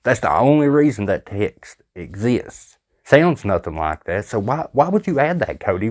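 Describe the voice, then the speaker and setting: A man's voice: lowish voice, sing-song, normal speed, few pauses, darkish tone. A man hosting a reaction video, giving angry, sarcastic commentary. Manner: exasperated, sarcastic.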